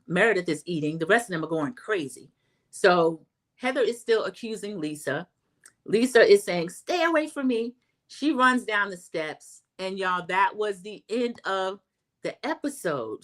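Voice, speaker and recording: A middle-aged woman, chatting through a casual TV recap and acting out quotes in a high voice. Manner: chatty, acts out quotes in a high voice, says "y'all". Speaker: recap host.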